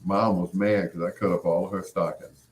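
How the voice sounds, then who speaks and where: A middle-aged man, hosting a show and telling stories in an animated way, laughing often and full of "you know" asides. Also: low-pitched, moderate pace. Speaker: podcast host. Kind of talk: storytelling monologue.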